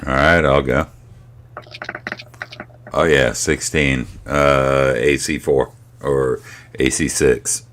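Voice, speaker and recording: A man's voice: extremely low pitch, flat delivery, slow pace, pauses often, a bit bright. A man playing a tabletop game, laughing easily and joking with the game master. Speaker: player.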